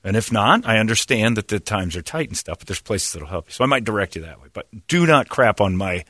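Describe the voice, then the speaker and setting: A man's voice: fairly low pitch, sing-song, fairly quick, sharp tone, no room sound, studio quality. A man hosting a casual radio talk show, blunt and opinionated, laughing often. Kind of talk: casual banter on air.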